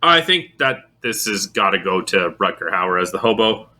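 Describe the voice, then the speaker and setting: A man co-hosting a film podcast, casually arguing his opinions with lively shifts in tone. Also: normal speed. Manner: opinionated, lively pitch swings, argues his points. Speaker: podcast co-host. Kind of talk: casual film review chat.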